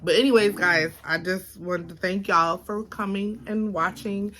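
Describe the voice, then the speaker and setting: A woman's voice: mid-range voice, fairly even intonation, unhurried, fairly bright tone, a little hiss or hum. A woman from Baltimore with a Baltimore accent, chatting casually to her phone camera at home, rambling with lots of fillers. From Baltimore, Maryland. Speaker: vlogger. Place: home, indoors.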